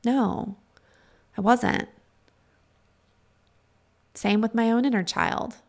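A woman's voice: fairly high pitch, very slow, gravelly. A middle-aged woman in a reflective spoken monologue, earnest and confiding, asking her listeners direct questions.

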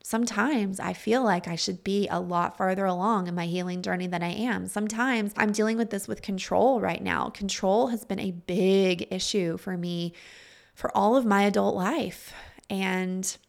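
Brief: woman, middle-aged host, earnest and confiding, gravelly fry at phrase ends, mid-pitched. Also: moderate pace. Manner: earnest and confiding, asks listeners direct questions. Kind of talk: reflective spoken monologue.

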